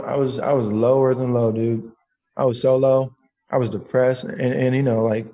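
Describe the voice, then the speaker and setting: A male guest with a mid-range voice tells a personal story in casual, slangy speech, animated and swearing freely. The audio sounds dull.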